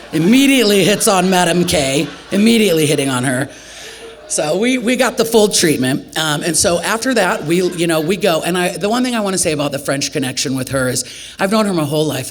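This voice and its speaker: A lively woman from Nebraska spins a tale on a festival stage. She talks conversationally and laughs often, leaping up in pitch whenever she acts out what someone said. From Nebraska, USA. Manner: animated, acts out quoted lines with big jumps in pitch. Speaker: storyteller. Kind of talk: live storytelling performance.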